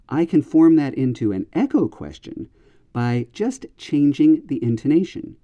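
Guy doing an english grammar podcast, super dark mellow voice, lively up and down pitch, patient. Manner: clear, patient explaining with exaggerated intonation examples. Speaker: English teacher.

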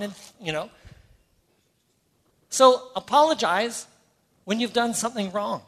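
High-voiced Canadian pastor preaching. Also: male voice, lively intonation, normal speed, a bit bright. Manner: earnest, conversational, with playful asides. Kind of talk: sermon. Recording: hall reverb.

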